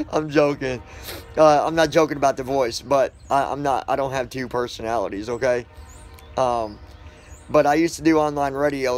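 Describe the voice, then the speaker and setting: A man vlogging casually outdoors, chatting and joking directly with his viewers in an upbeat, rambling way. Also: mid-range voice. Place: outdoors on concrete.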